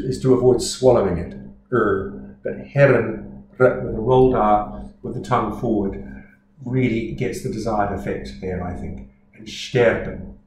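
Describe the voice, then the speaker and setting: A man's voice: lowish voice, reverberant, noisy background. A man with a New Zealand accent teaching singers German pronunciation from home, patient and explanatory, sounding out each word. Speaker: choral conductor and teacher. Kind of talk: instructional talk on choral diction.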